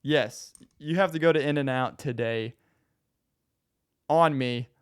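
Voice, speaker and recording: Young man, smooth clear voice, podcast host, easygoing chatter. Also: medium pitch, slow pace. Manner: easygoing, chatty, many fillers. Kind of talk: casual podcast chat.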